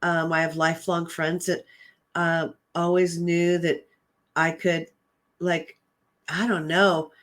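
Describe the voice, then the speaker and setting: A woman's voice: fairly low pitch, level tone, slow pace, pauses often, a bit bright. A woman hosting her own show, telling a personal story in a casual, chatty way. She retells conversations with lots of "I'm like" and "um", and sounds earnest and emotional. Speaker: host and psychic medium.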